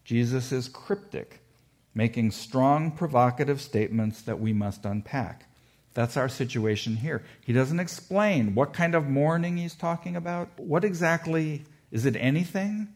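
Man giving a measured Bible lecture. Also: medium pitch, a little mellow. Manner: measured, explanatory, slows to stress quoted verses. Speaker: Bible teacher.

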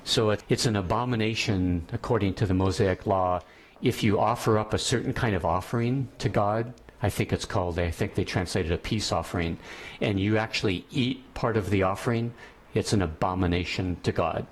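A man's voice: on the low side, moderate pace. A man teaching a class, lecturing on ethics and thinking aloud as he goes, often restarting his sentences.

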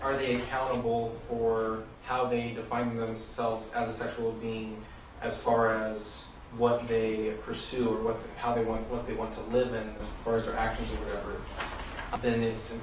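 A man's voice: fairly low pitch, monotone, normal speed. A man speaking up as a student in a class discussion, hesitant and full of fillers. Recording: distant mic in echoey room with noise.

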